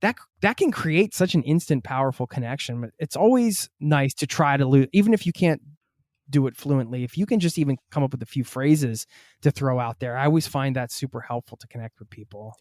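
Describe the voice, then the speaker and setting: A man's voice: mid-range voice, animated, brisk, a little mellow, dry recording, studio quality. A man hosting a podcast, talking in an easygoing, conversational way and thinking aloud as he goes. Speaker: podcast host. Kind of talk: casual interview chat.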